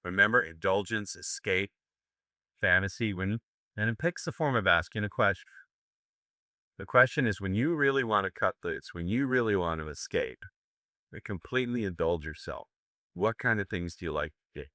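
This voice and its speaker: A man's voice: low voice, moderate pace, bright, forceful tone, no room sound, studio quality. An older American man giving a live seminar lecture, brash and profane, joking with his audience. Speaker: seminar instructor.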